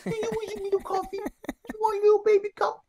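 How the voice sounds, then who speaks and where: A man putting on an exaggerated, high, sing-song baby-talk voice, cooing like an adult talking to an infant. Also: level tone, fast, warm tone, slight background noise.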